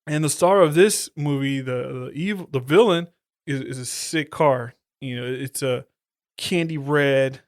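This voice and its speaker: A man hosts a casual horror movie chat, talking in a laid-back, profane, slang-heavy way. His voice is smooth and resonant, recorded dry and close. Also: mid-range voice, a little slow, dry recording. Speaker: podcast host.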